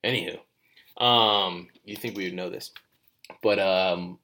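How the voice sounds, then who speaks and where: With a deep, sharp-toned voice and fairly even intonation, this man talks in an unhurried way. He's co-hosting a studio podcast, chatting casually with a rambling, relaxed, joking manner.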